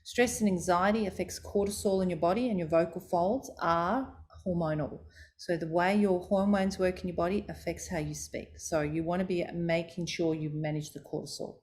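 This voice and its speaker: A woman giving a voice coaching talk, demonstrating pitch and stress exercises aloud as she explains them. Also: steady tone, normal speed, a little mellow, a little hiss or hum.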